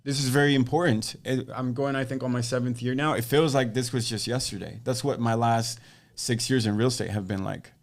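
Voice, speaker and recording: A man's voice: mid-range voice, fairly even intonation, a little fast. Man, podcast guest, real estate agent, casual storytelling, acts out quoted dialogue, mid-range voice.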